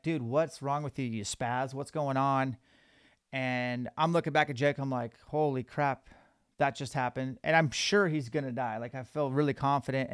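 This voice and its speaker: A man hosting a podcast, telling a hunting story in an animated, casual way. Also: on the high side, clear, resonant tone, no echo, clean studio sound. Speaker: podcast host.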